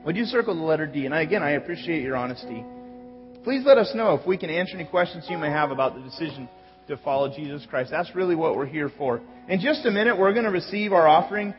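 A male pastor with a fairly high, lively voice talks fast as he gives church announcements in a conversational style, stopping now and then to correct himself. He's in a church sanctuary, and the echoey hall recording sounds dull, with music playing behind him.

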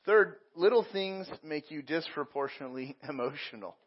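A man's voice: on the high side, lively intonation, normal speed, muffled recording, slight background noise. A man preaching a sermon as a pastor, talking conversationally with frequent repeats and fillers.

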